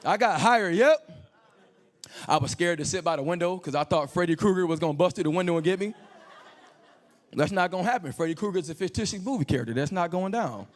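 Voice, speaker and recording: A male stand-up comedian telling crude stories with animated delivery on a comedy club stage, into a handheld mic. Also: high voice, fast talker.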